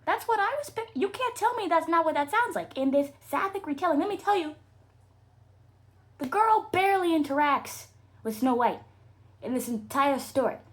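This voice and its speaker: A woman podcast host rants about a book she disliked, swearing freely and dripping with sarcasm. Her voice sits fairly high and swings widely in pitch. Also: normal speed. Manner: animated, profane and sarcastic. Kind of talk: casual book-review rant.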